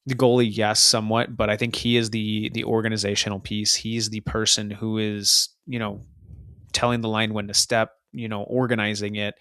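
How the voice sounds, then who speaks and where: A man's voice: fairly low pitch, little pitch movement, moderate pace, fairly bright tone, no room sound, clean studio sound. A man co-hosting a podcast, talking casually and explaining things with frequent "you know"s. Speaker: podcast co-host. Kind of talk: casual football chat.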